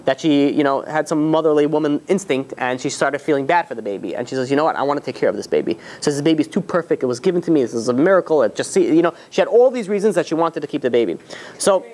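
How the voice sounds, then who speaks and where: A man's voice: fairly high pitch, fast talker, a little mellow. A man teaching an informal class as a rabbi, retelling a story conversationally, slipping into the characters' lines and fielding questions from students in the room.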